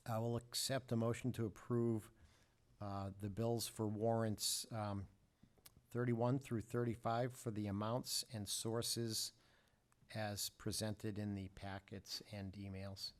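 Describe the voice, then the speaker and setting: A man runs a formal public meeting in a measured, halting voice, pausing often on fillers. His voice sits a little low. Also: flat delivery. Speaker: meeting chair.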